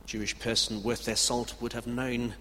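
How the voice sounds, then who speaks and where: A man preaching a sermon with emphatic delivery. He swings from loud declarations to hushed passages. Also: medium pitch, little pitch movement, moderate pace. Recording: reverberant hall with faint background noise.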